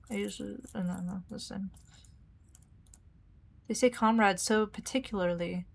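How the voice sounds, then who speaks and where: A woman's voice: mid-range voice, measured pace, creaky, long pauses. A young woman VTuber giving casual gameplay commentary, reading the story text aloud and laughing often. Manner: giggly, chatty, reads narration aloud. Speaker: VTuber streamer.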